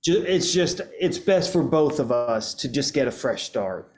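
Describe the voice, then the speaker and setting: A man's voice: medium pitch, animated, unhurried, darkish tone. A man chatting casually about a basketball draft, loose and rambling, with frequent fillers and casual swearing. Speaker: podcast guest fan. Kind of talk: casual chat.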